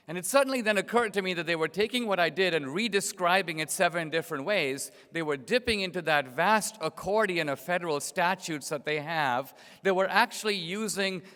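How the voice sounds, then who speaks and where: Middle-aged guy giving a sardonic storytelling speech, smooth resonant voice, big echoey hall. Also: a little high, sharp tone. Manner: storytelling, sardonic, rhetorical questions. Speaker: invited speaker. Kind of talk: political speech to an audience. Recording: long reverb of a large hall.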